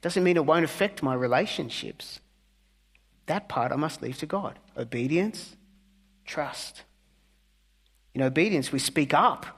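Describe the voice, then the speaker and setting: A male pastor preaching a conversational sermon, earnest, with humorous asides and soft, hushed key words. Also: a little high. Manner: earnest, softening to near-whispers on key words.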